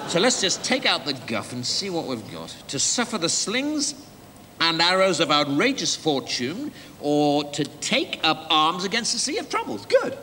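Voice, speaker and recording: A pushy, glib theatre producer. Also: male voice, fairly high pitch, huge pitch swings, measured pace, sharp tone, full character voice. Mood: coaxing. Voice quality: wheedling, salesman-like patter. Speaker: stage actor in a comedy sketch. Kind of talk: live comedy sketch acting. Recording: live stage audio with hall reverb and noise.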